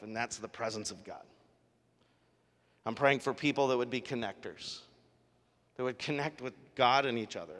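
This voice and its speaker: A man preaching a sermon as pastor, telling stories in a conversational, animated way. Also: medium pitch. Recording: live sermon in a reverberant hall.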